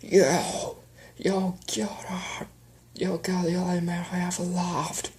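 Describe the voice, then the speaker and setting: A man's voice: fairly high pitch, animated, unhurried, background noise, pitched above the performer's own voice. A man voicing a grieving male chaos spirit who pleads desperately and breaks into strained whispers. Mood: furious.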